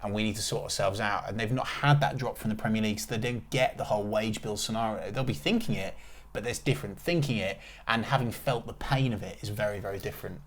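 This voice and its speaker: A man's voice: on the low side, quick pace. A man hosting a casual football podcast, talking in emphatic, confident opinions with frequent restarts. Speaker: podcast host.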